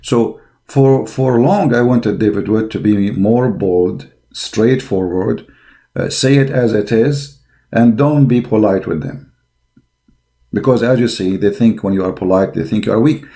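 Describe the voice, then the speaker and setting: A man's voice: lowish voice, a little slow, mellow. A man giving a combative religious monologue, blunt and scornful, speaking emphatic English with broken grammar. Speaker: religious polemic commentator.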